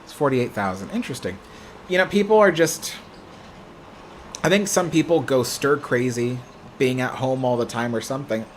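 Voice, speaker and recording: A young adult man hosting a casual live stream, telling stories in an animated, expressive way. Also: mid-range voice, moderate pace, long pauses, a little hiss or hum.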